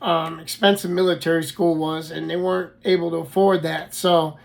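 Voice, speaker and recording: A man casually telling his own life story, halting often with fillers and restarts. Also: on the high side, level tone, creaky.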